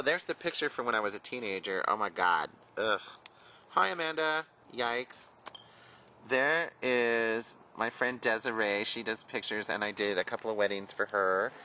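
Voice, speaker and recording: A flamboyant, outspoken man talks in a low voice with a bright, forceful edge. His reminiscing is frank and chatty, full of cussing and sass. Faint background noise sits under his talk. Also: rough recording. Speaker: hairdresser and vlogger. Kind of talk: candid personal reminiscing.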